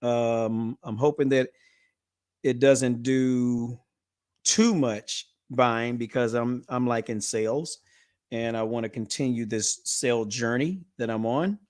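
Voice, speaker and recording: Energetic, playful man hosting a trading stream. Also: medium pitch, takes it slowly. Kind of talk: casual live-stream chat.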